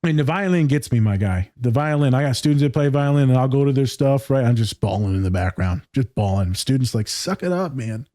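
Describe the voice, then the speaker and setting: Slangy, emphatic man with a mellow voice. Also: mid-range voice, fairly quick, few pauses, no echo, studio quality. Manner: emphatic and slangy, says "my guy", swears freely. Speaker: podcast host. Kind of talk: casual podcast chat.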